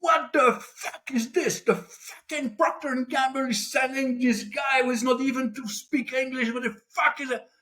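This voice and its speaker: A man acting out a furious male purchasing boss who shouts and swears. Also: very high-pitched, steady tone, moderate pace, hardly any pauses, voice pushed up. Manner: shouting, profane, contemptuous.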